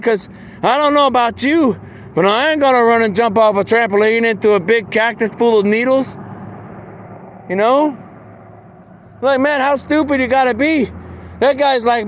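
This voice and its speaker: A man's voice: extremely high pitch, normal speed. A man in a meandering, casual monologue who keeps saying "man" and "you know" and acts out the voices he quotes.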